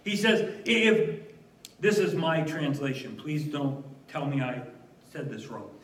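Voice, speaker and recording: A man delivers a sermon in a fairly high voice, earnest and emphatic, dropping in the odd wry aside. The sound is roomy and echoing, as in a church, and he stands some way back from the microphone. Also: sing-song, takes it slowly, a bit bright. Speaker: preacher. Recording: echoey room, voice from a distance.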